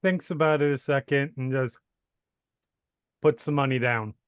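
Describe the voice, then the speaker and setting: A man playing a tabletop role-playing game, slowly and jokingly rambling about his character. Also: medium pitch, steady tone, clear, resonant tone, no echo. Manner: slow, rambling, jokey. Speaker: player.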